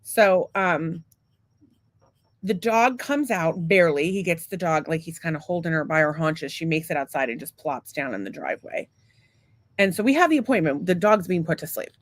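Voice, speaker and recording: A woman's voice: low-pitched, animated, normal speed, no room sound. A woman co-hosting a podcast, telling a long story in a casual, rambling, profane and self-mocking way. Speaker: podcast co-host.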